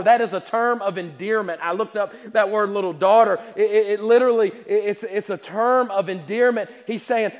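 A man's voice: high voice, moderate pace, hardly any pauses. A man preaching a sermon with passion, repeating words and restarting his sentences. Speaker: pastor. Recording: long hall reverb.

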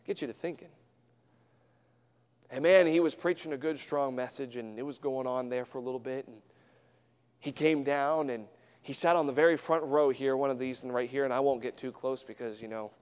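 A man preaching a sermon as a traveling missionary, swinging from hushed storytelling to loud, fervent exhortation in a church. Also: medium pitch, fairly even intonation, normal speed, clean tone, big-room sound. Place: church sanctuary.

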